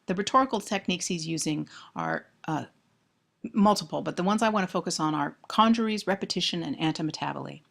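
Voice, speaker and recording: A woman's voice: fairly low pitch, lively intonation, creaky, a bit bright. A woman giving a close-reading lecture on poetry, thoughtful and emphatic on key words. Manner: thoughtful, emphatic on key words, reads verse aloud slowly.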